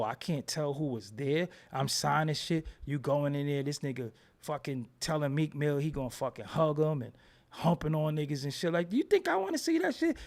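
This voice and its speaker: A man in a casual, profane rant, talking emphatically and repeating himself when heated. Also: a little high. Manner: animated, emphatic, swears freely, repeats words when heated.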